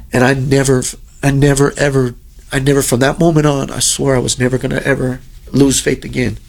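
A middle-aged man tells a personal story in a casual, earnest manner, circling back and repeating phrases as he goes. His voice has a gravelly, creaky edge. It sits at an ordinary pitch for a man. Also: flat delivery, brisk, a little mellow. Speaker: guest telling a personal story.

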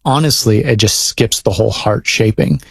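A man's voice: lowish voice, normal speed, gravelly, slightly rough, dry recording, clean studio sound. Earnest man talking faith and parenting. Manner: earnest, reflective, thinks aloud with fillers. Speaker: guest speaking as a dad. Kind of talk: casual faith-based conversation.

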